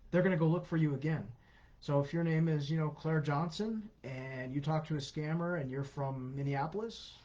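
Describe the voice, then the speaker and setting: A man's voice: fairly high pitch, mellow. A man hosting a casual Q&A, answering viewer questions in a conversational, advisory way with many fillers. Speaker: host of an anti-scam Q&A. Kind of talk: casual livestream Q&A. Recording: dull lo-fi sound.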